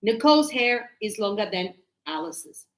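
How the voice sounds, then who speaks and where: A woman's voice: mid-range voice, big pitch swings, measured pace, roomy sound, poor audio. A woman teaching English grammar, patiently explaining with repeated examples and frequent check-ins. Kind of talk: slow classroom explanation.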